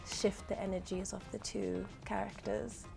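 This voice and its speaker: A woman's voice: mid-range voice, flat delivery, normal speed, vocal fry, darkish tone, soft background music. Chatty young woman, interview guest. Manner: chatty, laughs often, light self-deprecating humour. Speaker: actress and model, interview guest. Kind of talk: casual interview chat.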